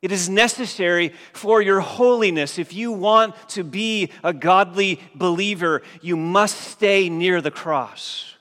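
A man's voice: high voice, measured pace, hardly any pauses, fairly bright tone. Preaching man in a reverberant hall. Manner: preaching with emphatic rising questions. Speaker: pastor. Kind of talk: sermon. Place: church sanctuary. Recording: long reverb of a church hall.

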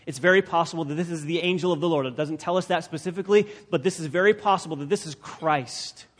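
Emphatic preacher in a reverberant hall. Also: male voice, fairly high pitch, quick pace. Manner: emphatic, repeats phrases for stress. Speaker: pastor. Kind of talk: expository sermon. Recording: long reverb of a large hall.

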